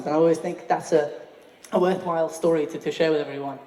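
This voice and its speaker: A former student giving a jokey, hesitant anniversary speech at a school event. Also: male voice, on the high side, fairly even intonation, fast, warm tone, a little hiss or hum. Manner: jokey, hesitant storytelling with fillers. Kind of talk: anniversary speech with a humorous anecdote. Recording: echoey hall, speaker far from mic.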